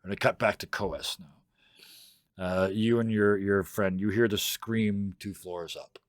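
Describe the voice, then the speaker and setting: A man narrating a tabletop game as game master, casual and halting, with many fillers, over voice chat. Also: on the low side, steady tone, dry recording, clean studio sound.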